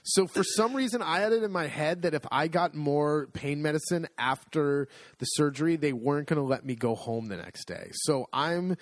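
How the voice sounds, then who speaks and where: A middle-aged man telling a story in a casual chat, animated and amused, acting out the lines of the people in it. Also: fairly high pitch, normal speed, hardly any pauses, no echo. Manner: animated, amused storytelling with restarts and acted-out quotes. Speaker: podcast co-host.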